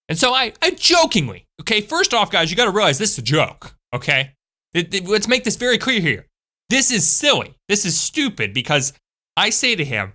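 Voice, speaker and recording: Animated woman telling a school story. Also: fairly low pitch, a little fast. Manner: animated, chatty storytelling with asides. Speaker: channel host. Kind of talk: storytime vlog.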